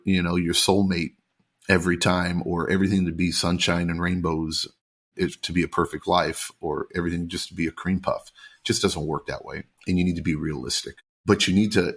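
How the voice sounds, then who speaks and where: A man who runs a pool service business, a podcast guest telling stories in an animated, frank and heated way. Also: low voice, husky. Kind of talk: casual podcast chat.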